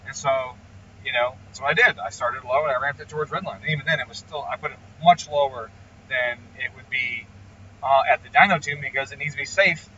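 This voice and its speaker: A man's voice: mid-range voice, a little fast, bright, forceful tone, recorded from a distance, lo-fi sound, slight background noise. A man who tunes engines talks casually and bluntly, swearing freely as he rants and explains his work. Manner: profane, ranting, blunt. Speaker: engine tuner. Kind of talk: casual explanatory vlog talk.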